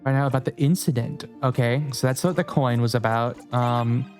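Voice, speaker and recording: Mellow-voiced man streaming a game. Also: mid-range voice, fairly even intonation, moderate pace, soft background music. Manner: musing aloud, talks to chat. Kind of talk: game let's play with read-aloud text.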